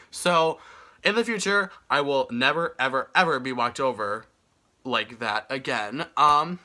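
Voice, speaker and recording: A young man telling a story on his vlog in an animated, exasperated way. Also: mid-range voice. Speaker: vlogger.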